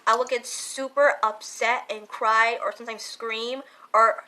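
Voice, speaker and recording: A young woman talks to her viewers in a casual question-and-answer vlog, earnest and halting, circling back and repeating her words. Her voice sits a little high and rings bright. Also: steady tone, poor audio. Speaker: vlogger. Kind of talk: casual Q&A talk to camera.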